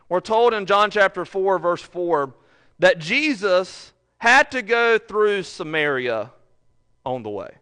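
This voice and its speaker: A man's voice: on the high side, bright, forceful tone, clean tone. A male pastor preaching a sermon, earnest and building to emphatic, repeated phrases.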